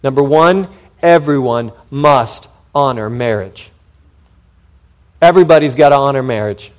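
A man preaching an expository sermon as a pastor, talking conversationally with frequent restarts and sudden emphatic rises in loudness. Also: medium pitch, a little slow. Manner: frequent repeated words and restarts.

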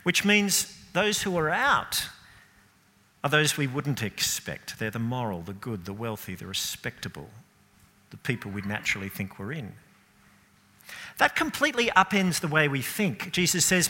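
A man preaching a sermon, asking the room rhetorical questions and swinging between loud and soft. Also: medium pitch, big pitch swings, moderate pace, big-room sound.

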